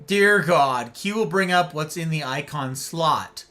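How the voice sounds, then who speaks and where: A man's voice: a little high, unhurried, hardly any pauses, sharp tone, soft background music. A man streaming a game live, exasperated and ranting about the controls while talking to his chat and a friend.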